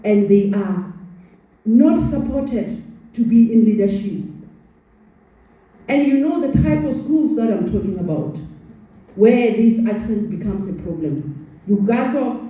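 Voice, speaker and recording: Slow, dark-voiced woman with Sepedi accent. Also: mid-range voice, expressive, lo-fi sound. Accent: Sepedi-accented South African English. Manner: earnest, with stumbling repeated words. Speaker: conference speaker. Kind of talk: formal address to a student audience. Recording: echoey hall, voice from far off the mic.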